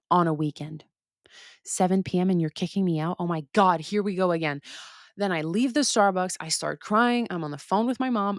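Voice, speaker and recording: Lively storytelling woman, low voice. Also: dry recording, clean studio sound. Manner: animated, swears freely, acts out her own reactions. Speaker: podcast host. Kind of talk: casual storytelling monologue.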